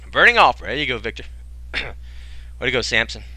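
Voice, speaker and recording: An excitable man hosts a casual online sales pitch. He talks in folksy slang and keeps firing rhetorical questions at his audience. His voice is very bright and lively, with big swings in pitch. It sits dry and close on the mic. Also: brisk, dry recording. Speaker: webinar host pitching a business program.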